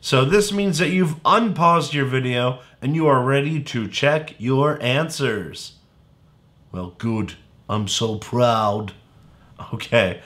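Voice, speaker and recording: Slow, playful man teaching phonics. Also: mid-range voice, a bit bright. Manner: slow, playful, sounds words out letter by letter. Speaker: kindergarten teacher. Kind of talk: phonics lesson for young children.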